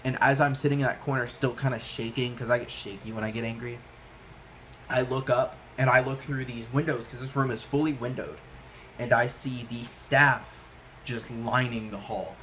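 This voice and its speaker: A young man telling a personal story in a halting, rambling way, often correcting himself mid-sentence. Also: medium pitch, steady tone, bright, forceful tone, a little hiss or hum.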